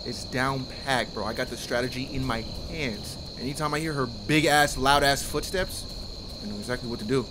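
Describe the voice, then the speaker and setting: A man commentating a horror game for his channel, excitable, often yelling and swearing in panic. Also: mid-range voice, fairly quick, background noise. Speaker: gaming YouTuber. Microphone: headset or desk mic, no face cam. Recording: music playing behind.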